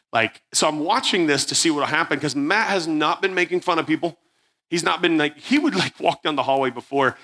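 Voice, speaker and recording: A man's voice: on the high side, pushed and bright. A man preaching to an audience, telling a story from his school days and acting out the voices. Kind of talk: storytelling sermon.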